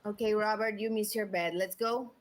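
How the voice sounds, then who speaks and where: A woman as a player in a tabletop role-playing game, talking quickly and playfully in casual chat. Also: medium pitch, fairly even intonation. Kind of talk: casual game talk in English.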